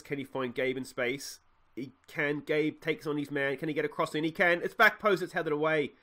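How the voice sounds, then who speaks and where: A young Australian man commentating his own football management gameplay, calm between plays and shouting with laughter when goals go in. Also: medium pitch. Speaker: let's play host.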